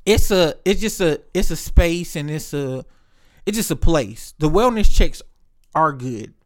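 A man's voice: a little high, animated, a little slow. A man in casual chat, telling stories in a loose, profane way and acting out the voices of other people.

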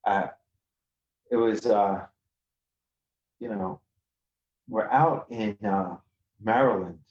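A man from Queens, a podcast guest telling rough street stories in a swaggering, profane way over a video call. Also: fairly low pitch, slow, a little mellow, muffled recording. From Queens, New York. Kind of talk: casual storytelling.

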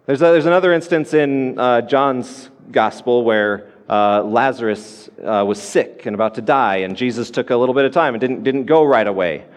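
A man's voice: medium pitch, normal speed, few pauses, long reverb tail. A man preaching a sermon as pastor, earnest and repeating his key points for emphasis.

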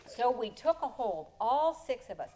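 A woman telling a personal story live. She tells it expressively, often chuckling, in a slightly high voice. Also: sing-song, measured pace, dark tone, slight background noise.

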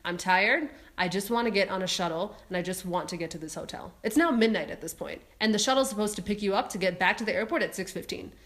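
A woman chatting casually, telling a frustrated story with lively exasperation and frequent laughter. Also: mid-range voice, fast, few pauses. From Ethiopia. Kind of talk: casual chat.

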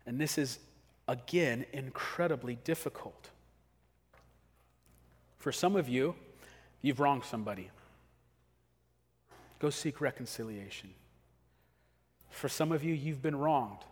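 A man preaching a sermon as pastor, talking casually and acting out quick everyday scenes. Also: mid-range voice, breathy edge. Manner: conversational, acts out quick scenes. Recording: long hall reverb.

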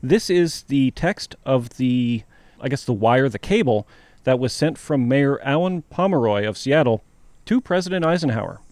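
A man's voice: medium pitch, expressive, normal speed, a little mellow, dry recording. Male podcast co-host telling a story, dry sound. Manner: storytelling, builds suspense with questions.

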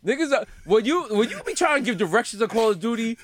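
Brief: high, animated male comic riffing, dry close sound. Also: fast talker, no room sound. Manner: animated, acts out bits in voices. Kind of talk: casual comedic banter.

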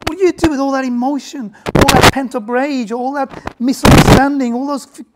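A woman preaching a sermon in a conversational way, asking many rhetorical questions and swinging from hushed to loud. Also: high voice, steady tone, fairly quick. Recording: heavy background noise.

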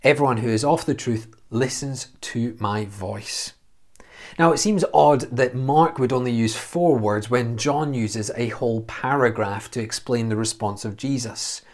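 A man's voice: medium pitch, measured pace. A man giving a verse-by-verse Bible teaching, earnest and explanatory, asking questions and answering them himself.

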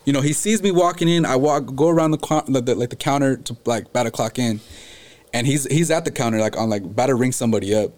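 A man's voice: mid-range voice, fast, darkish tone. A young man telling a story in casual chat, slangy and full of cursing and "like" fillers. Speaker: podcast guest telling a story.

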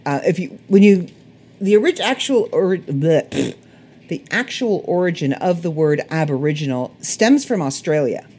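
A woman with a Canadian accent, a little hoarse, rambling through a casual solo podcast chat. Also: rumbling low, dark tone, a little hiss or hum. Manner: rambling, chatty, self-correcting. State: slightly hoarse. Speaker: podcast host.

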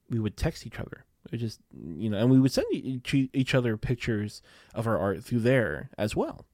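Rambling young man with a gravelly voice. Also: lowish voice, darkish tone, no room sound, studio quality. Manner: rambling, with many fillers and self-corrections; swears casually and laughs at himself. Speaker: podcast host. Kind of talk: casual storytelling monologue.

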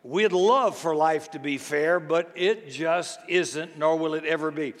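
An older man, a grandfather, preaching a sermon in a folksy, storytelling way, slow and deliberate. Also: a little high. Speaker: pastor. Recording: long hall reverb.

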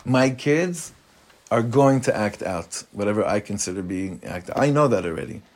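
A man's voice: fairly low pitch, lively intonation, moderate pace. A man, a rabbi giving an informal Torah class in a conversational way, mixing Hebrew terms into his English and putting questions to the room.

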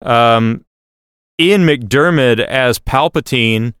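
Man, casual podcast chat, explains things, smooth voice, dry close mic. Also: medium pitch, very slow, fairly bright tone, no echo. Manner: knowledgeable, explains and corrects. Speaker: podcast co-host.

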